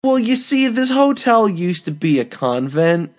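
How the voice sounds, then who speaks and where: A man's voice: high voice, very animated, a little slow. A man co-hosting a comedy podcast, improvising a story in a rambling way with many fillers. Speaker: podcast co-host.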